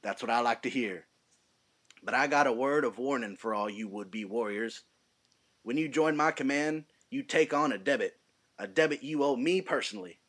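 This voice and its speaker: A man's voice: medium pitch, moderate pace, a bit bright, close to an everyday voice. A man playing a brash, ruthless army lieutenant in a put-on Southern American drawl, swaggering as he addresses recruits. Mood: menacing swagger. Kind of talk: amateur film monologue reading.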